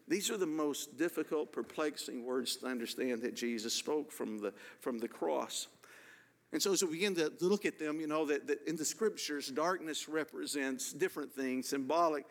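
A pastor delivers a sermon with an earnest, deliberate manner. His voice sits a little higher than most men's, and he draws out the words he wants to land. The sound rings with the long reverb of a large hall. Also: fairly bright tone. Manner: earnest preaching, slows and stresses key words.

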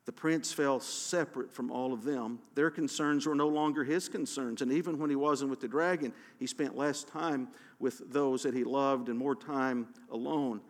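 A male storyteller reads aloud at an ordinary pitch, giving the tale steady, dramatic weight and stumbling into a few restarts. His voice carries a long reverb, as if heard across a large hall. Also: normal speed, few pauses.

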